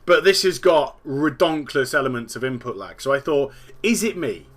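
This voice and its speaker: A man's voice: medium pitch, a little fast. A man in his thirties hosting a gaming show, ranting casually, exasperated and sweary, repeating himself and laughing at his own jokes. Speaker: gaming podcast host.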